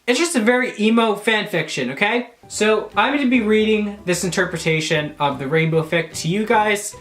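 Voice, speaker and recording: A young man and YouTuber reading aloud for laughs, animated and crude, breaking off for mock-offended jokes. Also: high-pitched, reverberant. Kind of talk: comedic reading aloud with asides.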